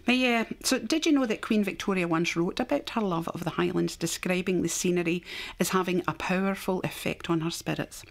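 A woman's voice: lowish voice, a little fast, creaky. Chatty Scottish woman presenter. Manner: chatty, warm storytelling with fillers and laughs. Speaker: radio presenter. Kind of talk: casual radio chat.

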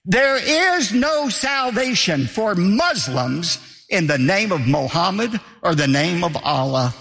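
A man's voice: high voice, sharp tone, slightly rough, big-room sound. A man preaching a sermon as pastor, emphatic, asking rhetorical questions and hammering points home with repetition.

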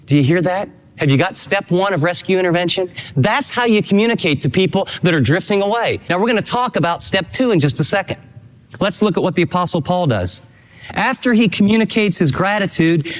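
A man delivers a sermon with emphatic, animated preaching. His voice sits high and leaps all over its range. Long reverb from a large hall trails behind each phrase. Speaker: pastor.

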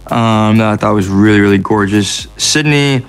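A man's voice: fairly low pitch, normal speed, faint music behind. American guy being interviewed, chill and self-mocking, says dude a lot. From United States. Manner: laid-back, self-deprecating, calls people "dude". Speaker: actor guest. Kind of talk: casual interview chat.

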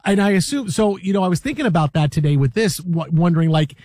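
A man in casual chat, telling stories in a rambling, animated way with many restarts. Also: high voice, fast talker, no room sound.

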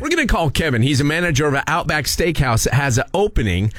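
Playful high-voiced male radio host. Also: sing-song, fast, fairly bright tone, dry recording, studio quality. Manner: playful, laughing. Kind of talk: radio prank call bit.

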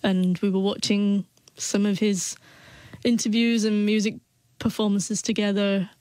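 A woman's voice: mid-range voice, little pitch movement, measured pace, mellow, dry recording. A woman tells a personal story in an interview, stuttering often and restarting her words. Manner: stutters, with repeated sounds and restarts. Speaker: interview guest.

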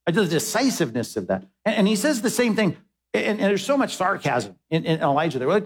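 Male pastor, sermon delivery, emphatic and insistent, slightly high-pitched. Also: big pitch swings, brisk, husky. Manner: emphatic, repeats words when pressing a point.

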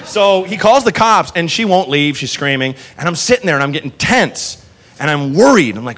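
A man telling a stand-up comedy story, animated, swearing freely and laughing through his lines. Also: a little high, normal speed.

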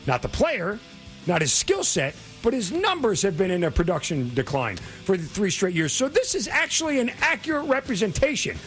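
Male sports radio co-host, high and animated, faint music bed under him. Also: normal speed. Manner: emphatic, exasperated arguing. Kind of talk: sports talk debate.

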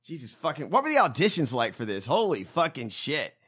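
A man's voice: on the high side, wildly swooping pitch, fairly quick, a bit bright, husky. A man hosting a podcast, ranting with profanity and disbelief as he reacts to clips. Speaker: podcast host. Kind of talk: casual commentary on clips.

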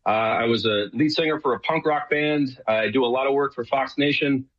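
A man's voice: medium pitch, normal speed, dull audio. A middle-aged man from New York, a guest talking earnestly in a rambling way, often restarting his sentences. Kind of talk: casual remote interview.

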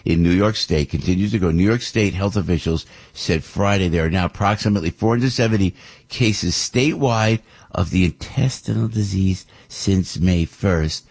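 An American man hosting a talk radio show, rambling and opinionated, his voice jumping high when he gets worked up. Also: moderate pace, gravelly, darkish tone, breathy edge.

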